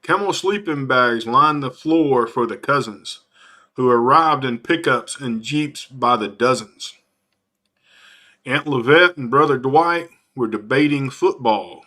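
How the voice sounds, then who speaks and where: Slow, bright-voiced storyteller. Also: male voice, mid-range voice. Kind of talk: reading a rhyming Christmas story aloud.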